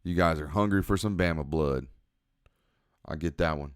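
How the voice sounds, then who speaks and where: A young man, giving relaxed, analytical commentary on a football game as he watches and answers chat on a live stream. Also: extremely low pitch, moderate pace, dry recording, studio quality.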